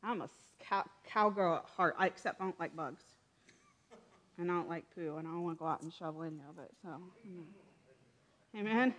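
A woman's voice: on the low side, normal speed, pauses often, fairly bright tone. A woman leading church announcements and prayer in a chatty style, with frequent amens. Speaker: church leader.

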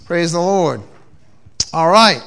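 A man's voice: a little high, animated, slow pace, vocal fry, fairly bright tone, smooth. A man preaching a sermon with call-and-response cues and frequent repeated restarts, from New England. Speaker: pastor. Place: church.

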